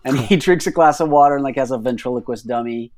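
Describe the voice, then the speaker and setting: A man's voice: mid-range voice, fast, darkish tone. Man rambling through a comedy bit. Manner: rambling storyteller, retells a sketch with asides. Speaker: podcast co-host. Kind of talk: casual chat.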